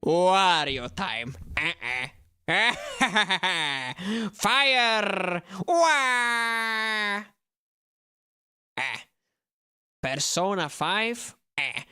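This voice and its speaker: A woman voicing a brash, greedy male rival who grunts and shouts. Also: medium pitch, very animated, very slow, smooth, no room sound, studio quality, full character voice.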